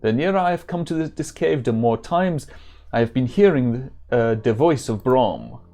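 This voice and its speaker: A man's voice: mid-range voice, sing-song, moderate pace, dark tone. A man voicing a stern, earnest adult male warrior with a put-on German accent and formal old-style speech.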